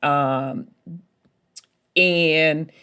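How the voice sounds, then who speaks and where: A woman's voice: deep voice, fairly even intonation, drawn-out words, sharp tone, clear, resonant tone. A woman hosting a podcast, telling a story in a chatty, folksy way and calling her listeners baby and y'all. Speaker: podcast host. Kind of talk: casual storytelling talk.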